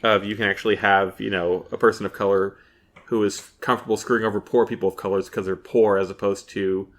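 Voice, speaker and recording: A man's voice: on the low side, little pitch movement, fast talker, a bit bright. A man as a podcast guest in casual chat, easygoing and a bit hesitant. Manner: easygoing, explains picks with some hesitation.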